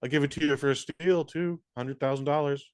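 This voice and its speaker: A man co-hosting a podcast, making wry quick quips in casual banter. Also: fairly high pitch, fairly even intonation, smooth, no echo, clean studio sound. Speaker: podcast co-host.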